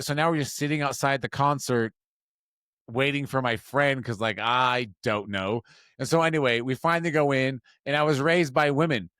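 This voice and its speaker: A man in his forties from Utah, a podcast co-host telling a story in a casual, self-mocking way and jumping to higher voices for quotes. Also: a bit bright, dry recording, clean studio sound.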